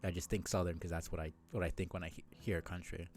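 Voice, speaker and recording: A man's voice: low voice, flat delivery, quick pace, darkish tone, faint music behind. A man streaming a game live, chatting in a rambling, self-deprecating way with lots of fillers.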